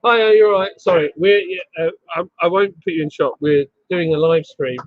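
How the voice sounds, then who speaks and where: A man's voice: on the high side, brisk, dry recording. Man, live stream host, playful banter, pub garden, muffled lo-fi audio. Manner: playful, bantering, reads chat aloud. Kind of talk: casual live stream chat. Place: outdoor pub garden, on a bench.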